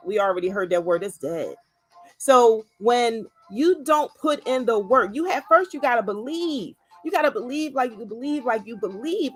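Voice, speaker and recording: A woman hosting a live stream, giving motivational, faith-filled talk that repeats words for stress and calls out to viewers by name. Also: a little high. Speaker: livestream host.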